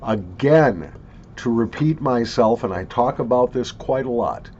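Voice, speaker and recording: A man from Minnesota with a light, mostly trained-out Minnesotan accent, answering viewer questions with crisp radio-announcer diction and dry humor, recorded in a basement. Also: medium pitch, unhurried, a little mellow. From Minnesota, USA. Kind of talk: slow deliberate vlog talk, words spaced apart. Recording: dull lo-fi audio with faint background hiss.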